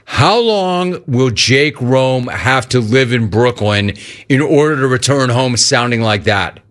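Animated sports radio host, middle-aged man. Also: mid-range voice, slow. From Southern California. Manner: animated, playful ribbing of callers.

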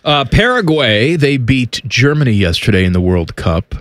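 A man co-hosts a loose sports chat show, rambling and joking as he reads out stats. His lively pitch rises and falls a lot. The sound is close and dry. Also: moderate pace, no echo. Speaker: co-host.

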